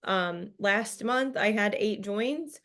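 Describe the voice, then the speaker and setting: A woman's voice: medium pitch, takes it slowly, fairly bright tone. A woman leading a business training over a video call, giving a casual, upbeat motivational talk full of fillers and laughs. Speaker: team leader presenting a business training call.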